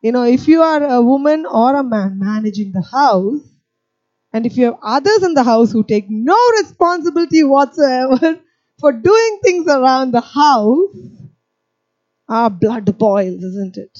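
A woman's voice: sits high, a little slow, no echo, lo-fi sound. A woman preaching a sermon, telling stories with humour and acting out scenes. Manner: animated, humorous storytelling, acting out scenes.

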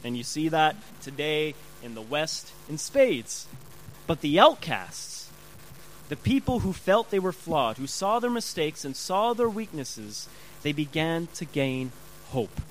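Emphatic high-voiced male preacher. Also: very animated, slight background noise, rough recording. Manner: emphatic, rhetorical questions, drawn-out stresses. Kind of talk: sermon.

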